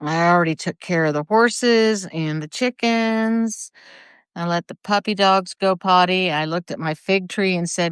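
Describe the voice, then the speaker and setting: A woman's voice: fairly low pitch, fairly even intonation, measured pace, smooth, no room sound, studio quality. An older woman rambling casually on a live video from her front porch, greeting viewers by name. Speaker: livestreamer. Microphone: phone or camera for a live video.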